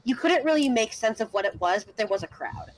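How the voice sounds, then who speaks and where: A young woman running a tabletop role-playing game as game master, setting scenes in a relaxed, explanatory way. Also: on the high side, brisk, faint music behind, rough recording.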